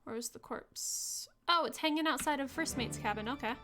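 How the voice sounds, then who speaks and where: Playful high-voiced woman streamer. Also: moderate pace. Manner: playful, chatty, riffing with chat. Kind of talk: casual gameplay commentary.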